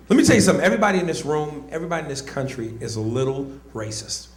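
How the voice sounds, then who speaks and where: High-voiced, shouting stand-up comedian. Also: male voice, racing, few pauses. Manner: loud, animated, often shouting. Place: comedy club stage. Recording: echoey club with crowd noise.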